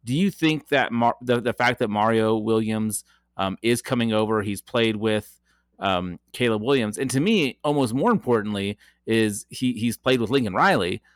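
A man's voice: fairly low pitch, moderate pace, no echo, studio quality. A man co-hosting a casual sports podcast, chatty, laughing easily and using many fillers. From Colorado area. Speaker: podcast co-host.

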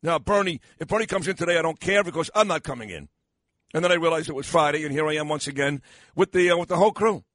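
An older man hosts a morning radio show in a studio, rambling and joking at his own expense. His voice is a little high and worn, and he sounds tired, like he is losing it. The sound is dry and close. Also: fast, fairly bright tone, dry recording. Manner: rambling, self-mocking banter with frequent fillers.

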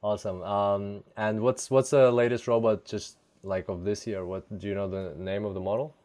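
A man with a lowish, darkish voice hosts a podcast intro and interview at a normal speed, his intonation fairly even and the recording dry. A native Russian speaker, he sounds eager and enthusiastic, packing his speech with fillers and saying "like" often.

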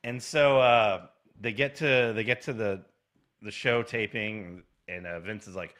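A man's voice: on the low side, unhurried, fairly bright tone. A man co-hosting a casual podcast, telling stories animatedly and acting out quoted lines with laughter. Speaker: podcast co-host. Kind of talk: casual chat, retelling stories.

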